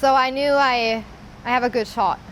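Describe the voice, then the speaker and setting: A woman telling her personal story in an earnest, halting way, often pausing with casual fillers. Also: on the high side, fairly even intonation, fairly bright tone, slight background noise, rough recording. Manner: earnest, halting, with many "like" and "you know" fillers. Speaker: interviewee sharing her story. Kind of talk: personal testimony.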